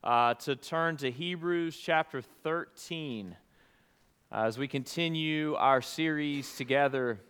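Pastor, middle-aged man from Alabama, earnest conversational sermon delivery, fairly high, resonant voice. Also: slow, clean tone. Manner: earnest, conversational preaching, hushed in prayer.

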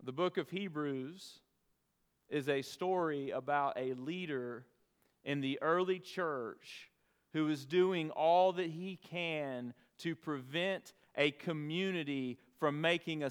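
A man's voice: fairly high pitch, clear, resonant tone. Earnest preacher man in an echoing hall. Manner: earnest, measured storytelling with dramatic pauses. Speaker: pastor. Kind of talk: sermon with personal story. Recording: long reverb of a large hall.

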